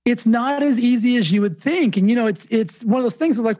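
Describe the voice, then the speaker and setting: A man's voice: extremely high pitch, quick pace, no echo. A man with a Southern accent, a fitness coach and author, telling stories animatedly as a podcast guest. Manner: animated storyteller, many restarts. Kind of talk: casual podcast interview.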